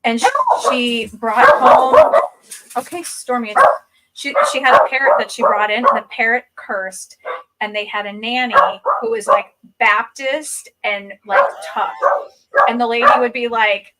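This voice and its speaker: A woman chatting casually as a co-host, laughing often and telling stories in an animated way. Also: a little high, moderate pace, very noisy. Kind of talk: casual chat.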